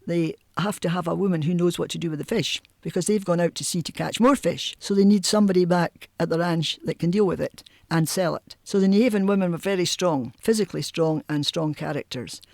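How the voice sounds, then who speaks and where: An older Scottish woman tells family stories in a chatty, lively way, laughing often as she goes. Her voice sounds close and dry, with no echo around it. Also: lowish voice, fairly quick, gravelly, hardly any pauses. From Newhaven, Edinburgh, Scotland. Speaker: oral history interviewee. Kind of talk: reminiscing storytelling.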